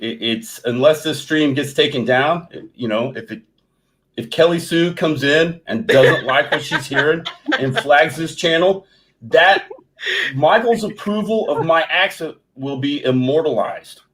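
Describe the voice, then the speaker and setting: A man's voice: a little high, measured pace, fairly bright tone. A man co-hosting a casual comics livestream over an online call, wry and self-deprecating. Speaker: livestream co-host. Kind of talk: casual chat.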